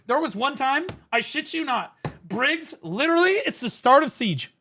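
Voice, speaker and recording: A man's voice: very high voice, normal speed. A man streaming casual reaction commentary on game clips, laughing often and swearing freely as he tells stories. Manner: profane, laughing, animated storyteller.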